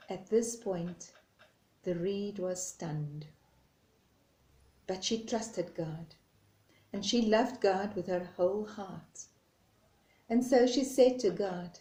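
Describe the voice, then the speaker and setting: A woman, a nun, telling a parable in a gentle sermon, measured and drawn out, recorded in an echoey room. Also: medium pitch. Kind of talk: slow storytelling sermon.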